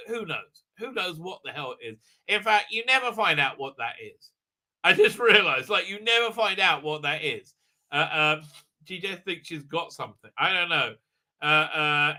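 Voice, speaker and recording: A man's voice: fairly high pitch, lively intonation, normal speed, sharp tone. A man hosting a livestream review, talking in a sarcastic, rambling way with lots of fillers and tag questions. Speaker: host, reviewer.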